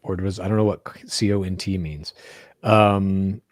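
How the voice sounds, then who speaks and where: Young male podcast co-host, relaxed and profane, dry close mic. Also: sits low, moderate pace, dry recording. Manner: loose, swearing, jokey asides. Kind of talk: casual chat reading viewer comments.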